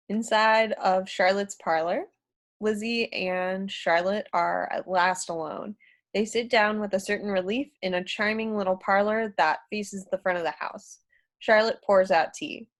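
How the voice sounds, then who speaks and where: A woman's voice: medium pitch, measured pace. A woman narrating stage directions in a script reading, a bit hesitant. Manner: hesitant, with fillers.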